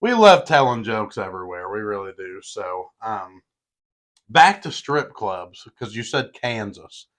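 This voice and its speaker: A man's voice: lowish voice, very animated, measured pace, a bit bright. A man in his thirties co-hosting a podcast, joking crudely in a boisterous, casual way. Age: 30s. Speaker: podcast co-host.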